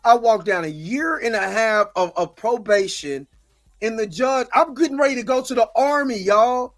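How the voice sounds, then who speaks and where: This American livestream host has a very high-pitched voice and talks at a normal speed. Frustrated, he delivers impassioned commentary, repeating himself and naming viewers as he thanks them.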